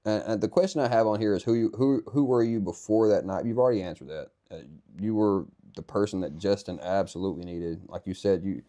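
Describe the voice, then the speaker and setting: Low, dark-voiced male podcast host. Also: brisk, hardly any pauses. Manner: rambling, earnest, thinks aloud. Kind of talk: conversational interview.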